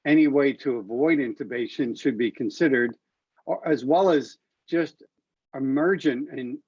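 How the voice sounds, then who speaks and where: A man speaks as an airway expert on a medical panel, explaining his approach earnestly and pausing on frequent uhs. His audio sounds dull and lo-fi, and very dry, with no room sound around him. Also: mid-range voice, a little mellow, husky, dry recording.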